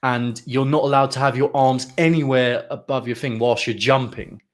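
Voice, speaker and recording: A man's voice: medium pitch, fairly even intonation, normal speed. A man from the UK co-hosting a casual chat podcast, talking animatedly and mimicking pundits now and then. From United Kingdom. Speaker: podcast co-host.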